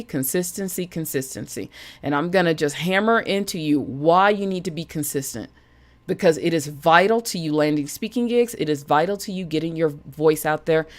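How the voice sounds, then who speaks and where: A woman hosting a casual live stream as a budget coach, chatty and animated, greeting viewers by name. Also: fairly low pitch.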